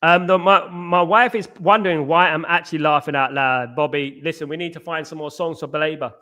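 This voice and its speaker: A man's voice: on the high side, steady tone, brisk, pushed and bright. A man hosting a live football watchalong stream. He chats casually with viewers and keeps singing playful chant parodies.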